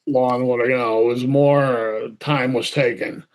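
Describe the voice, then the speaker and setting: A middle-aged man from Boston, an actor telling a story in an interview, acting out both sides of phone calls and stammering when excited. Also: mid-range voice, a little slow. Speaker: actor guest.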